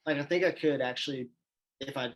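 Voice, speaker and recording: A man who is an assistant coach, a guest on a podcast, talking in a relaxed, rambling, self-deprecating way. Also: medium pitch, fairly quick, noisy background. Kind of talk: casual chat.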